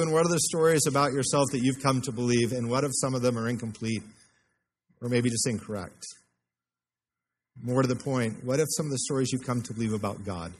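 A man's voice: medium pitch, slightly rough. An American man, a pastor, preaching a sermon in a church, speaking conversationally and putting questions to the congregation. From United States.

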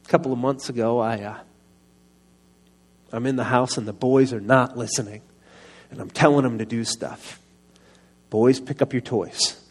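A middle-aged man preaching a personal testimony sermon into a microphone, earnest and confessional, often soft-spoken. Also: medium pitch, fairly even intonation, normal speed, long pauses.

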